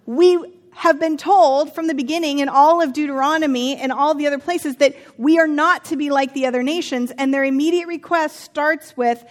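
High-voiced woman teaching Scripture. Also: steady tone, normal speed. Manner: chatty and humorous, with personal asides. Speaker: Bible teacher. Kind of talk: conversational Bible teaching.

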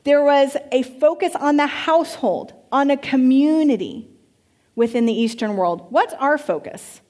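A woman pastor teaching a church congregation in an animated way, asking the room questions. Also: high voice, unhurried.

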